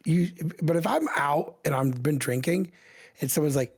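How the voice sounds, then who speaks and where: A man's voice: fairly high pitch, expressive, normal speed, gravelly, a little mellow, slightly rough, dry recording, clean studio sound. A man co-hosting a podcast in casual chat, chiming in with wry, reactive asides. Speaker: podcast co-host.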